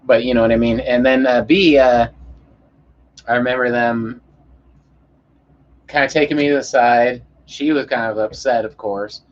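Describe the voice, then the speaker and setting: A man's voice: mid-range voice, steady tone, moderate pace, pauses often. A young man telling a story in a profane, heated rant, acting out the voices of the people in it. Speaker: podcast storyteller. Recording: muffled lo-fi audio.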